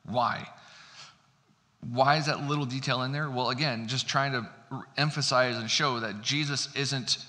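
A man's voice: medium pitch, fairly even intonation, moderate pace, bright, forceful tone. A man pastor giving a casual, conversational sermon with chatty, self-deprecating asides. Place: church sanctuary. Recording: long church hall reverb.

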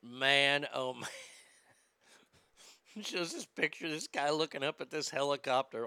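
A middle-aged man rattles through a comedic commentary in a mocking, sarcastic tone, laughing at his own jokes. His voice sits high and bright, with a gravelly rasp. It is recorded dry, with no room sound. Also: unhurried, dry recording. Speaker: host.

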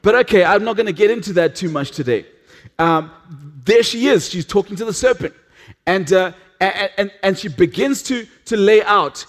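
High-voiced male pastor preaching earnestly. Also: expressive, moderate pace. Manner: earnest, with frequent restarts and dramatic drops to a hush. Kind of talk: sermon.

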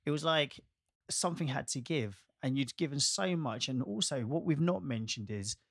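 Man, co-host, encouraging, rambling, mid pitch, dry recording. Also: expressive, moderate pace, vocal fry, no echo. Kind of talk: casual podcast conversation.

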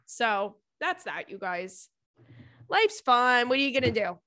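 A woman's voice: fairly high pitch, unhurried, no room sound, clean studio sound. Chatty laughing woman podcast host. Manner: animated, laughing, quotes friends in voices. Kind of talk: casual storytelling chat.

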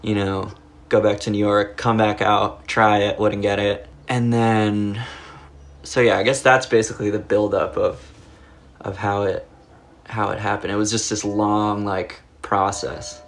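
A man's voice: lowish voice, little pitch movement, a little slow. Laid-back young man rambling through a story. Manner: rambling, heavy on filler words and profanity. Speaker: podcast guest. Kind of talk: casual storytelling chat.

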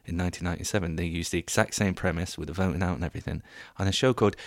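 A man's voice: deep voice, fairly even intonation, racing, dry recording, clean studio sound. A British man hosting a solo comedy podcast, rambling and jokey with plenty of swearing.

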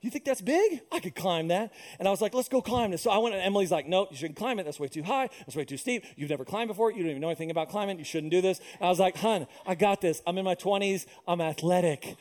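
A man in his thirties preaching a sermon as pastor, telling stories in an animated way and acting out other people's voices. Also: high-pitched, racing, hardly any pauses. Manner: animated storytelling, acts out voices.

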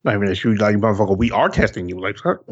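A man co-hosting a casual chat, joking and swearing in quick asides. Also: on the low side, expressive, breathy edge, highs cut off. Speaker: podcast co-host.

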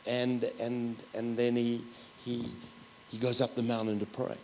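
A middle-aged man preaching a sermon as a pastor, telling stories with loud, animated asides. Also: mid-range voice, unhurried, a little hiss or hum.

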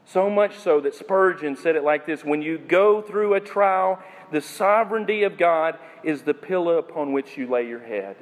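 A male pastor delivering a sermon, preaching in slow, emphatic phrases and putting questions to the congregation. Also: a little high, long reverb tail.

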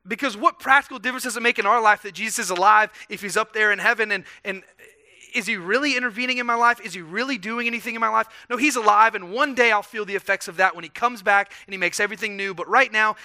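A man preaching a sermon in a strikingly bright, tense voice that sits a little high for a man. He talks to the congregation earnestly and conversationally, pausing on rhetorical questions and doubling words as he restarts a thought. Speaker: pastor.

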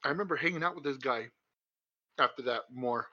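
In this muffled, lo-fi podcast recording without room sound, a young male co-host talks briskly in a sharp, medium-pitched voice. The casual chat is rambling, crude storytelling packed with swearing and laughter.

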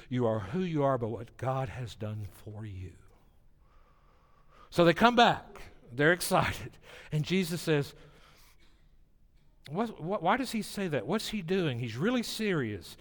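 A man delivering a sermon in a fairly high voice, dropping to near-hushed solemnity and then rising to emphatic bursts. His words ring out with a long reverb, as in a large hall. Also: big pitch swings, a little slow. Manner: dynamic preaching, swinging from hushed to emphatic. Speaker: preacher.

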